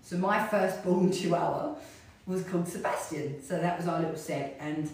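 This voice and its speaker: A middle-aged woman talks in a loose, rambling way as a fitness instructor, keeping up the chat while she exercises. Her voice sits slightly low. It rings around a very echoey studio and is picked up from a distance. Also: normal speed, darkish tone. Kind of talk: casual chat while hula hooping.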